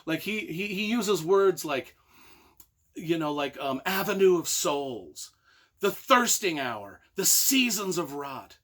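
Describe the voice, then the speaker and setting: An excitable man with a high voice reviews books in a casual, rambling way. He piles up repeated phrases and swells into loud, emphatic bursts of enthusiasm. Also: takes it slowly. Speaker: book reviewer.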